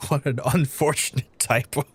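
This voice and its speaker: A man streaming live, overwhelmed and swearing, holding back from shouting. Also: medium pitch, moderate pace, husky. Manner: emotional, swearing, restrained from shouting. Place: room at home.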